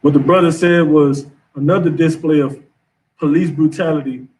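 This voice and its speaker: Emphatic higher-voiced man teaching a class. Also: fairly even intonation, moderate pace, a little mellow, far from the mic, slight background noise. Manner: emphatic, street-casual preaching. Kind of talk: scripture class discussion.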